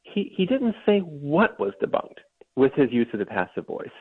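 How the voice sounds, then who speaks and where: A man's voice: a little high, big pitch swings, moderate pace, vocal fry, husky. Male guest over a tinny line. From Ohio. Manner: storytelling, with frequent restarts and mocking mimicry. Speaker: author and guest. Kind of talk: remote interview storytelling. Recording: tinny phone-like remote line.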